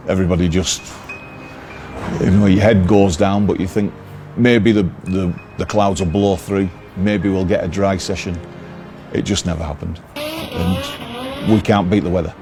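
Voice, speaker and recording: A man's voice: deep voice, fairly even intonation, unhurried, warm tone. A man, a racing team member, speaking steadily and with resignation in an interview. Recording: music underneath.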